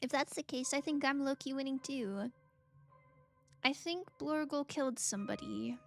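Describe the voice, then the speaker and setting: Woman streamer, high voice with vocal fry, unhurried casual chat, faint music behind. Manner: chatty, reads chat aloud, bursts into excited greetings. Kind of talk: casual live-stream chat while gaming.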